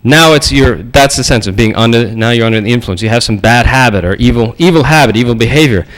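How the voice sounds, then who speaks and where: A male preacher giving a storytelling sermon, animated and acting out the voices in his stories. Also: mid-range voice, quick pace, poor audio.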